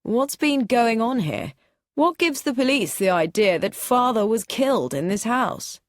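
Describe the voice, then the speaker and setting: A charming young gentleman with a dry, teasing wit, voiced by a woman narrator. He talks in an easy, unhurried, amused way with a lively, moving melody. The sound is close and dry, storybook style. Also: on the high side, no room sound, pitched above the performer's own voice.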